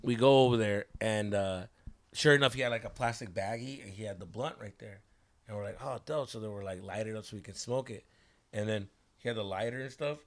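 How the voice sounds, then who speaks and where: A man, a podcast host telling a story in casual chat, profane and animated, acting out quotes. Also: lowish voice, fairly quick. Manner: animated, profane, laughs a lot, acts out quotes.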